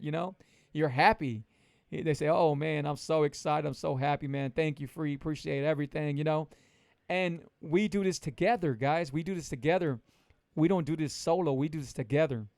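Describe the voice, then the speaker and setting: A man's voice: on the high side, smooth, no room sound. A man coaching his viewers on a keto lifestyle in a casual livestream pep talk, motivational and repetitive.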